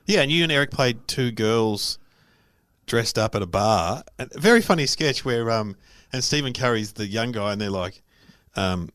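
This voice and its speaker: A middle-aged man with a mid-pitched voice that rises and falls with animation. He hosts the chat with playful, jokey banter. The recording is close and dry. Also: lively intonation, normal speed, fairly bright tone, no room sound. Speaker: comedian and host. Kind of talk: casual chat.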